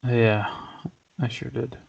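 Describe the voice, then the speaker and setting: A man's voice: medium pitch, level tone, takes it slowly, gravelly, slightly rough, no echo. A man co-hosting a casual chat show, easygoing and often laughing. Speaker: podcast co-host. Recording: dry, dull lo-fi audio.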